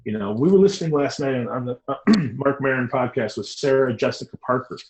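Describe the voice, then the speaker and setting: A middle-aged man, a designer as interview guest, talking in an animated, rambling, emphatic way. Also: medium pitch, brisk, a little hiss or hum, low-quality recording. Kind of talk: casual interview talk.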